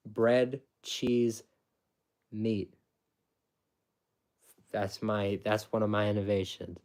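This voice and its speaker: A man's voice: on the low side, fairly even intonation, very slow, darkish tone. A man casually explaining how he makes sandwiches, with lots of repetition and restarts. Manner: repetitive, restarts often, emphatic; explains step by step. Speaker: former sandwich shop worker.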